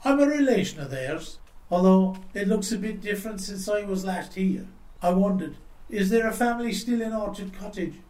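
A woman voicing a friendly, chatty old traveller in a storybook reading, with a husky tone. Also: medium pitch, expressive, moderate pace, dark tone, echoey room, far from the mic, voice pushed up, close to an everyday voice. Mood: genial. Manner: genial, chatty.

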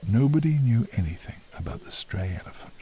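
A man narrating a children's storybook in a gentle, expressive way. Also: mid-range voice, brisk.

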